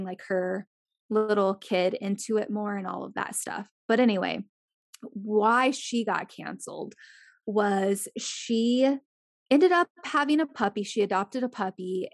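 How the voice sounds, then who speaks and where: A woman's voice: mid-range voice, a little slow, no room sound, clean studio sound. A woman chatting casually as a podcast co-host, full of "like" fillers and blunt swearing. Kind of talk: casual chat.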